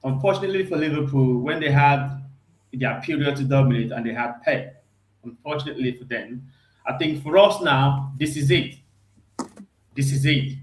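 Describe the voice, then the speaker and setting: A hoarse man calling in as a guest on a fan show. He sounds elated, keeps repeating himself and talks haltingly with many ums. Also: medium pitch, echoey room, poor audio. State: hoarse from screaming. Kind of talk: casual chat.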